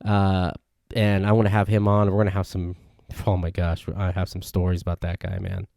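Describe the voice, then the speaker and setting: Gravelly low-voiced guy rambling. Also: monotone, a little fast, darkish tone, no room sound, studio quality. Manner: rambling, self-correcting storytelling. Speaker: podcast host. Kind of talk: casual solo podcast rant. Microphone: podcast mic.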